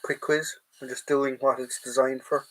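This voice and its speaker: Here an Irish man speaks with a flat delivery in a mid-range, slightly bright voice at a moderate pace, and the recording quality is poor. He's hosting a live collectibles stream at home in Ireland, sifting through a drawer while chatting casually and ramblingly to his lads.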